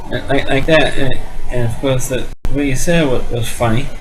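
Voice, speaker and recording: A man talks through a comedy film he loves, retelling its scenes in a loose, rambling way. He stumbles and restarts often and leans on fillers as he goes. His pitch sits in a middle range. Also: normal speed, music in the background, poor audio. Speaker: amateur movie reviewer. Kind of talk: casual movie recap.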